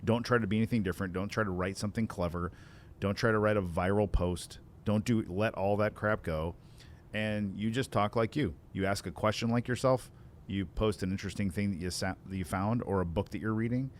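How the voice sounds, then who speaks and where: A man's voice: lowish voice, fairly quick, a little hiss or hum. A middle-aged man co-hosting a conversational podcast as a sales consultant, joking, laughing easily and giving blunt advice.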